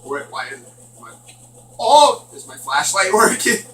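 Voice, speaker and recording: A bright, fairly high-voiced man talks through a horror game, jumpy and nervous, cracking jokes to keep himself going. He sits back from the mic in an echoey room with a faint hiss behind him. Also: big pitch swings, a little slow, recorded from a distance. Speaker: gaming channel host. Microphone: distant from the mic.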